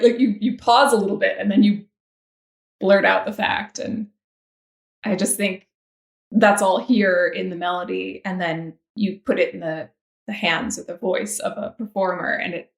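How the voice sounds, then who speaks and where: Thoughtful woman with a gravelly edge, roomy. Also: mid-range voice, fairly even intonation. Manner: thoughtful, pauses and hesitates before her point. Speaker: guest composer. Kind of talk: casual music analysis chat.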